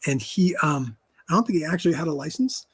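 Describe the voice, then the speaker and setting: Husky-voiced man telling stories. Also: fairly high pitch, expressive, quick pace, no room sound. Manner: candid, storytelling, quotes others in dialogue. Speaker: host. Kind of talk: live stream talk.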